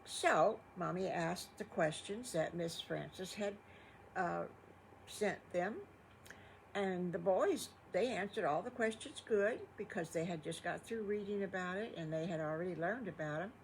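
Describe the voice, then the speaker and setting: A woman's voice: fairly low pitch, measured pace, gravelly, slight background noise, low-quality recording. An older woman telling improvised children's stories, folksy and rambling. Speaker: grandmother storyteller. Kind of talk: improvised bedtime storytelling.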